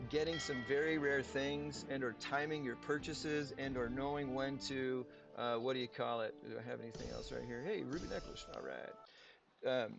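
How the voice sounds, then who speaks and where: A man's voice: mid-range voice, gravelly. A man, casually chatting on a live game stream, rambling, talking to himself and his viewers. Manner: rambling, talks to himself and chat. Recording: dull lo-fi stream audio with music.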